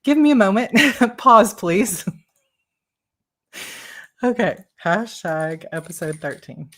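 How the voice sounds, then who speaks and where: A woman author chatting with her audience, bubbly and excitable with quick restarts, then reading her own novel aloud live. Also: medium pitch.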